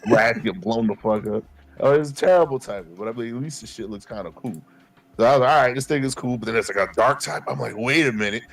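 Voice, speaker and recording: A man, co-hosting a podcast and telling animated, profane stories, acting out his past self. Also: medium pitch, fast, gravelly. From Queens, New York. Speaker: podcast co-host. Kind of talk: casual chat.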